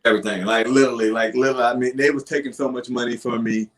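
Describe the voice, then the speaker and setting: A young adult man telling his own story in casual podcast talk, animated and profane. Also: mid-range voice, racing.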